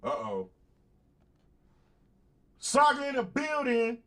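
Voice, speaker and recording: A man's voice: very high-pitched, huge pitch swings, takes it slowly, fairly bright tone. A man hosting a casual livestream talk show, speaking bluntly and with plenty of profanity, repeating points for emphasis, laughing between them and calling out to viewers. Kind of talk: casual livestream monologue, answering chat.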